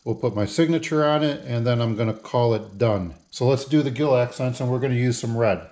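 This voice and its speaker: A man's voice: mid-range voice, brisk, darkish tone. A man narrating a casual how-to video, talking through each step as he works. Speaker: hobby lure painter.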